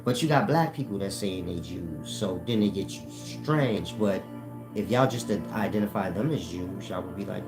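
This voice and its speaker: Man, lowish voice, casual profane explainer with faint music under it. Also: moderate pace. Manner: profane, keeps asking "you get my point?"; addresses listeners as "y'all". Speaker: channel host.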